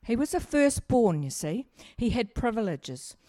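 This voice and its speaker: A middle-aged woman pastor speaks in a slightly high, dark-toned, sing-song voice at a measured pace. Her sermon of personal stories is chatty and humorous, with questions aimed at the congregation. It's a clean studio recording with no room sound.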